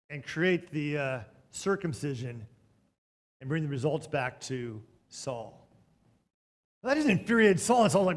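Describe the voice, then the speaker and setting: Telling stories from the pulpit, this preacher alternates loud outbursts with quiet passages and jokes with his congregation. His voice sits high and is expressive, at a moderate pace.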